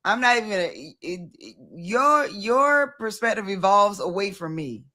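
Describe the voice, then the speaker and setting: A woman hosting a casual conversation, talking bluntly and in an animated way, acting out the things she says to people. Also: medium pitch, normal speed. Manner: blunt, animated, acts out her own past self. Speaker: host, founder of the organization.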